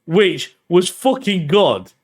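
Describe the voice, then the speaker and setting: A man's voice: high-pitched, sing-song, slow, breathy edge. A man co-hosting a podcast in casual chat, laid-back and sweary, who laughs often. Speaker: podcast co-host.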